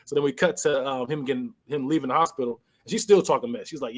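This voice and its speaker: A man's voice: medium pitch, fast talker. A man casually recapping a movie on a podcast, acting out the characters' lines with laughs. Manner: animated storytelling, acts out characters' lines with laughs. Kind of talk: casual chat.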